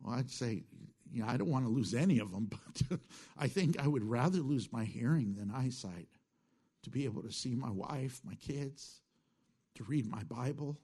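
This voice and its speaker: A middle-aged male pastor preaching a sermon in a conversational way, moving between hushed asides and emphatic lines, chuckling at his own jokes. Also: mid-range voice, expressive, normal speed, slightly rough.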